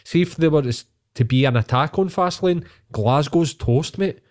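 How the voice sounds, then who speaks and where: A man's voice: on the high side, normal speed, a little mellow. Ranting Scottish man. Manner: ranting, heavy swearing. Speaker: podcast co-host. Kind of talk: casual chat.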